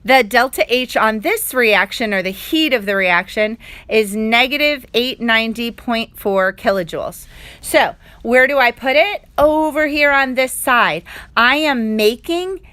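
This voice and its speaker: A woman teaching a chemistry review, her voice bright and crisp. She is upbeat and walks through each step, throwing in playful sound effects. The recording is dry and close. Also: a little high, lively intonation, unhurried, dry recording. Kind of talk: live online review lesson.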